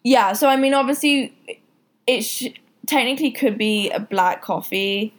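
A woman's voice: on the high side, normal speed. A young woman hosting a casual podcast chat, talking loosely with lots of fillers. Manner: chatty, laughing, lots of fillers. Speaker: podcast host. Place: apartment.

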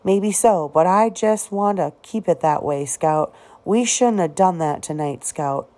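A woman voicing a stubborn young boy who speaks in terse, determined lines, read slightly higher than her narration. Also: measured pace, mellow, natural voice. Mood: firm. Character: earnest stubborn young boy, older brother.

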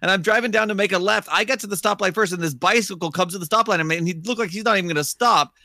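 A man complains his way through casual podcast stories, cursing freely as he goes. His voice is high for a man and bright. The recording is dry and close. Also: racing, vocal fry, no echo. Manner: complaining storyteller, heavy swearing. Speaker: podcast co-host. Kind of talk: casual profane banter.

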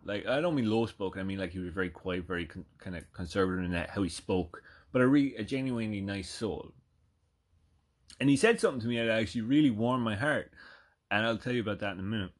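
A man's voice: fairly low pitch, quick pace. An Irish man in his thirties telling a rambling, profane story and checking in with "right?" often. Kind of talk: casual anecdote.

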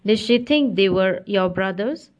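A woman voicing a reserved, kindly older English man in an audiobook reading, speaking in a measured, polite way. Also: mid-range voice, expressive, darkish tone, lo-fi sound, lightly acted.

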